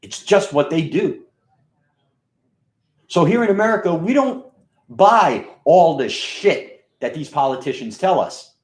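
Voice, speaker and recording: A man's voice: a little high, lively intonation, measured pace, long pauses. New York man, mixed Queens-Bronx accent, scratchy and rustic, rambling and profane, roomy echo. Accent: New York mix of Queens and Bronx. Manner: profane, rambling, with many fillers and restarts. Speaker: radio and video host. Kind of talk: casual rambling monologue.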